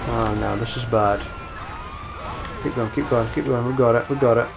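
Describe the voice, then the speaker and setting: A young man giving casual let's-play commentary, muttering and swearing at the screen, with sudden loud bursts when he wins. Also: mid-range voice, fairly even intonation, moderate pace, gravelly, background noise. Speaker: gameplay commentator.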